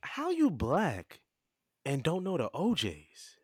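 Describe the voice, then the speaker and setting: A man voicing a doubtful young roommate, teasing, lively pitch, slangy, audio drama. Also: slow, slightly rough, full character voice. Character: sleepy, skeptical young man, joking. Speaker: Ronnie, the roommate.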